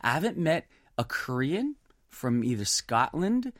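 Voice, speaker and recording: A man with a New Jersey accent tells stories on a podcast, bouncing his pitch all over the place and acting out what people said. His voice sounds close and dry on the mic. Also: a little slow, dry recording. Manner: animated storyteller, acts out quotes. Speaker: podcast co-host. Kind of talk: casual chat.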